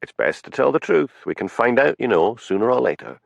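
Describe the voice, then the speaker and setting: A man's voice: mid-range voice, very animated, brisk, vocal fry, dry recording, pitched above the performer's own voice, heavily acted. A man voicing a dry, probing village policeman in an audiobook.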